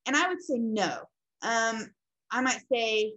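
Chatty woman lecturing, somewhat high voice. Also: animated, slow, a bit bright, rough recording. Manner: conversational, rambling with fillers and self-corrections. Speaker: instructor. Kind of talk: casual recorded lecture.

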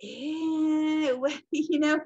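A woman teaching a casual lesson, talking in a rambling, conversational way with fillers and self-corrections, gently reflective about feelings. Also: high-pitched, steady tone, extremely slow, lo-fi sound. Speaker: instructor. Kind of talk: casual recorded lecture.

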